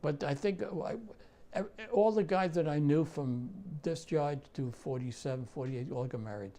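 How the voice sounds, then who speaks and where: An older man with a New York accent, a war veteran recounting memories in an interview, halting and repeating himself. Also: fairly high pitch, warm tone. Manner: halting, repeats phrases, many fillers.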